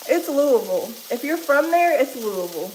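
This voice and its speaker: Kentucky lady livestreaming from her kitchen, kinda high voice, chatty, pan sizzling faintly behind. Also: sing-song, normal speed, darkish tone, a little hiss or hum. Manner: chatty, laughs often, reads out viewer comments. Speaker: livestream cooking host. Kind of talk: casual livestream chat while cooking. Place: home kitchen.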